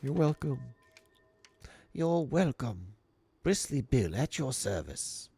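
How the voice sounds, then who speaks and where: A grandly courteous talking plant with a put-on British accent, as a man voices it in a higher, altered tone. He speaks slowly and politely, full of himself. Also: sing-song, dark tone, husky, no room sound, soft background music, heavily acted. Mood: gracious. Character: pompous big British talking plant, male. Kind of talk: game stream banter.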